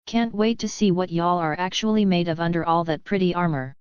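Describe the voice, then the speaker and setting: A woman's voice: lowish voice, smooth, dry recording, lightly acted. Lady doing a drawling cool teen girl, teasing, dry muffled sound. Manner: slow drawl.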